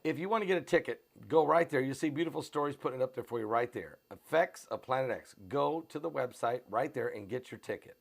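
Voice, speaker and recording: A man with an American Midwestern accent hosting a live stream, pushing tickets in a repetitive, urgent pitch full of fillers. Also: animated, fast talker, creaky, hardly any pauses. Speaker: host of a prophecy channel. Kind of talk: live-stream promotion and commentary. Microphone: on camera.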